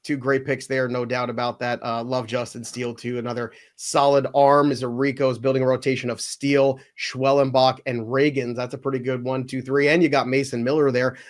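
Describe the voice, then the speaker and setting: A man hosting a casual sports podcast, animated and given to mock outrage. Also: mid-range voice. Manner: animated, mock-outraged when picks are taken. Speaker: podcast host running a mock draft.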